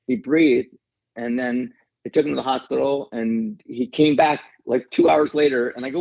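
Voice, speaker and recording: A middle-aged man, an actor, telling an emotional story in an interview, earnest and halting, with many restarts. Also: mid-range voice, steady tone, gravelly, a little mellow, dry recording. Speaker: actor guest. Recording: dull lo-fi sound.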